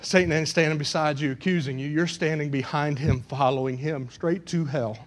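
High-pitched preacher guy, gets loud and fervent then drops to a near hush, pleading with the church. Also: steady tone, moderate pace. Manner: swings between loud passionate preaching and hushed pleading. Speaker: pastor. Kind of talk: sermon. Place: church in front of a congregation.

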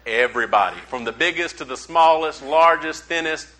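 A man preaching a sermon, a folksy, animated storyteller who acts out the voices of the people he quotes. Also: fairly high pitch, normal speed, low-quality recording. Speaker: pastor.

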